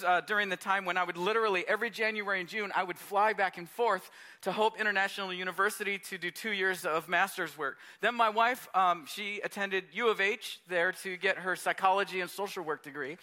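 A man preaching a sermon, telling a story in a lively, conversational way and speaking straight to the congregation. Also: high-pitched. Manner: animated, conversational, addresses congregation directly. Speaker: pastor.

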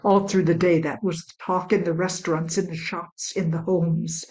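A professional storyteller from Illinois, a woman telling a legend in a measured, dramatic way. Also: lowish voice, level tone, darkish tone, low-quality recording. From Illinois, USA.

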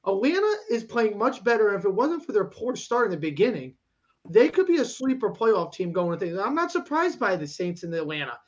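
A man's voice: high-pitched, big pitch swings, fairly quick, muffled recording. A man co-hosting a sports talk show, argumentative and emphatic, often cutting in with "listen" and "bro". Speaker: sports podcast co-host.

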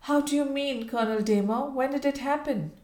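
A woman voicing a lively, fussing young Victorian wife who speaks emphatically and exclaims readily. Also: sits high, fairly quick, pitched above the performer's own voice, close to an everyday voice. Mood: animated. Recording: roomy echo.

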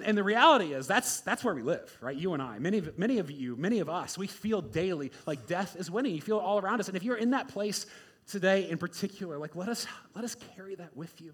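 A male pastor giving a conversational sermon, informal and repetitive, swinging between loud emphasis and quiet asides. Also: high voice, husky. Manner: informal, repeats words, many "like"s and "right?"s.

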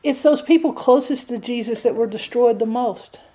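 A woman's voice: a little high, normal speed, warm tone. A woman preacher delivering a sermon, telling a Bible story with earnest, dramatic storytelling.

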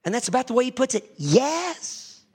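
Man preaching a sermon, high voice, big swings up and down, fervent. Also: very animated, normal speed, husky. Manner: fervent, swinging from hushed to ringing shouts.

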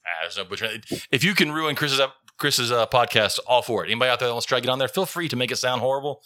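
Quick, bright-voiced man hosting. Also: mid-range voice, no room sound, studio quality. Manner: joking, teasing. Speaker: podcast host. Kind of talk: casual chat.

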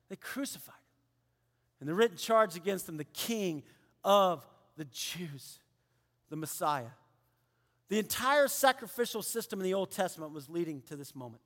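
High-voiced male preacher in a reverberant hall. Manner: animated preaching, acts out quoted people, drops to hushed tones. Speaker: pastor. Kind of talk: sermon.

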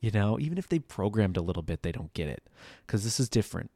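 A man's voice: fairly low pitch, very animated, quick pace, gravelly, warm tone, no echo. A man in his thirties talking casually in a loose, rambling monologue, full of "like" and "you know", as a podcast host.

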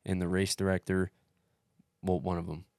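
A man's voice: deep voice, level tone, normal speed, a little mellow, no echo, clean studio sound. A man telling a long race story in casual podcast chat, blunt and emphatic, swearing constantly. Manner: blunt, heavily profane, emphatic. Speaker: podcast co-host recounting a race.

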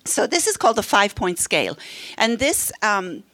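A woman's voice: medium pitch, big pitch swings, moderate pace, a bit bright. Friendly woman counselor teaching parents. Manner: friendly, laughs often, acts out parent and child quotes. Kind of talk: workshop talk to a live group.

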